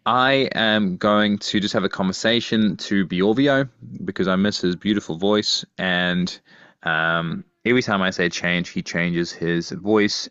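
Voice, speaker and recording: A man with a lowish voice hosting a podcast, prompting his co-host and giggling. The sound is dry and a little dull, close on the mic. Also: a bit bright, clear, resonant tone, no echo. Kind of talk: improv game on a podcast.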